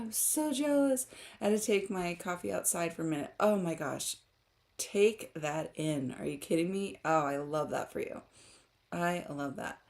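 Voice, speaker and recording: A woman's voice: on the low side, darkish tone. A woman author chatting casually with her livestream viewers, rambling and giggling as she talks. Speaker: author streamer.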